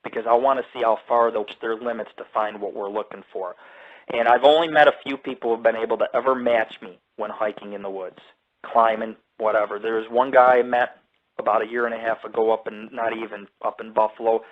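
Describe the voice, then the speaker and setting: A man's voice: on the low side, steady tone, brisk, phone-quality sound. A man hosting a live radio show, telling a story in blunt, heavily profane casual talk. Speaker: radio show host and paranormal group founder.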